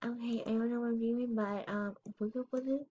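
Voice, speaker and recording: A woman's voice: fairly high pitch, fairly even intonation, brisk, mellow, slightly rough, muffled recording. A female voice giving casual, rambling commentary while playing a game, often unsure of herself and squealing over cute items. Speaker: gamer showing her game house.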